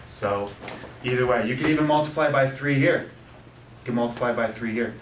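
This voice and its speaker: A man's voice: mid-range voice, fairly quick, a little hiss or hum. A man teaching a math class, playful and upbeat, quizzing his students. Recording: echoey classroom, mic at a distance. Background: students answering.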